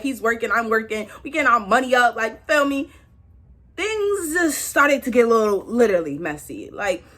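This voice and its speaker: A young woman tells a storytime in casual, slangy speech. Her voice sits high and bright and swings up in pitch for emphasis. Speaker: vlogger.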